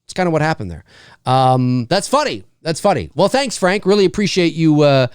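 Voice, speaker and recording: Rambling through viewer comments, a North American live-stream host keeps things casual and animated, laughing often and using many fillers. He speaks briskly and smoothly in a voice on the high side. The recording is dry, with a clean studio sound.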